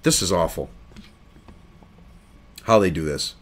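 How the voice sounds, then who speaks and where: A man's voice: low-pitched, takes it slowly. A man hosting a political news commentary video, ranting angrily and sarcastically with heavy swearing. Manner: mocks others in put-on voices. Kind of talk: profane political commentary rant.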